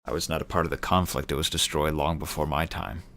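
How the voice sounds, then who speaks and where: A man's voice: extremely low pitch, fairly even intonation, vocal fry, fairly bright tone, no room sound, exaggerated voice. A man playing Zero, a stern matter-of-fact official. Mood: curt. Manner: measured, dismissive, matter-of-fact. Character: stern, rational male official named Zero. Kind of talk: tabletop role-play character voice.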